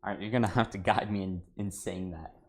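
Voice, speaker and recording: Low-voiced man chatting while he cooks. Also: fairly even intonation, a little fast, a little mellow. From United States. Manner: rambling, chatty, says "dude" often; talks to chat while cooking. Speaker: cooking livestreamer. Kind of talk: casual livestream chat.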